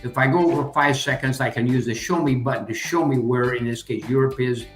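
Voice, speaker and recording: A man's voice: mid-range voice, brisk, reverberant, faint music behind. An older man, the student's uncle, patiently demonstrating a geography game step by step as a teacher.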